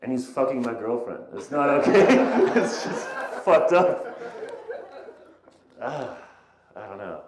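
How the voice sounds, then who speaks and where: A man's voice: mid-range voice, big pitch swings, slow pace, long pauses, crowd noise, background noise. A young man in his twenties doing a rambling, self-deprecating stand-up set, stammering and restarting his lines. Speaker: stand-up comedian. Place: small comedy venue. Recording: echoey, poor-quality live room recording. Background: audience laughter.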